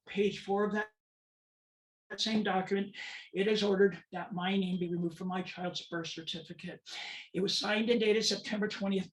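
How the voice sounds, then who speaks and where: A woman's voice: medium pitch, reverberant. Woman telling a story from a distant mic. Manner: dramatic storytelling, acting out quoted voices. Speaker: transgender advocate and speaker. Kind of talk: personal story talk.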